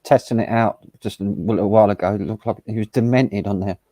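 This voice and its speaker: A man's voice: fairly low pitch, steady tone, fast, dark tone, dry recording. A man hosting a live stream, chatting casually in a laid-back, dry way.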